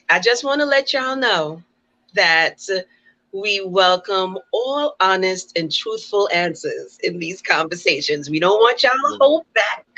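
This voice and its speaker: A woman hosting a talk show, speaking in a measured, deliberate way with occasional fillers. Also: medium pitch, sharp tone. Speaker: podcast host. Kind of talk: casual talk show discussion. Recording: dull, lo-fi sound.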